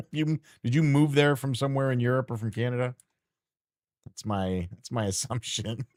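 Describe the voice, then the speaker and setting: A man's voice: medium pitch, fairly even intonation, moderate pace, darkish tone, no room sound, clean studio sound. A man streamer chatting casually and teasingly with his chat while playing a game, rambling and joking.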